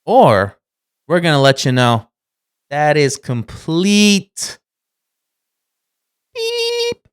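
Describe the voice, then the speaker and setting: Animated rambling man hosting a podcast. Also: a little high, takes it slowly, smooth. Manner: rambling and animated, swears, many restarts. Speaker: podcast co-host. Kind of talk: casual podcast monologue.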